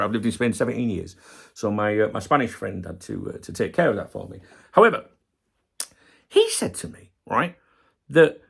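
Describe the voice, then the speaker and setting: A man's voice: mid-range voice, creaky, a bit bright, slightly rough. A middle-aged man hosting a football channel, ranting passionately and swearing heavily in a casual video.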